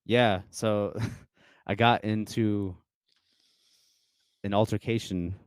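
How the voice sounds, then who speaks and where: A man's voice: lowish voice, fairly even intonation, extremely slow, smooth, dry recording. A young man telling stories as a podcast guest in a casual, rambling way, full of fillers and restarts. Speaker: guest musician.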